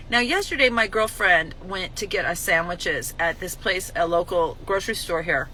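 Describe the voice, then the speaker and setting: Animated, bright-voiced woman telling stories. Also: mid-range voice, a little hiss or hum, low-quality recording. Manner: animated, acts out scenes, laughs often. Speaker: recovery vlogger. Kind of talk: casual spoken reflection.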